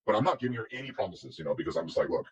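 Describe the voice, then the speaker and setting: A man's voice: low voice, animated, rapid-fire, slightly rough, muffled recording. A man telling a personal story in a casual, rambling way, full of restarts and quoted dialogue. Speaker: guest telling his story.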